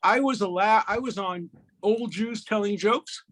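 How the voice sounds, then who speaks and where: A man in his eighties from Brooklyn, a guest telling jokes and stories in a lively, punchy way. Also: high-pitched, measured pace. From Brooklyn, USA. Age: 80s. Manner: lively raconteur, punchy delivery. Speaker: guest, lawyer. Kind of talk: animated storytelling, joke-telling chat.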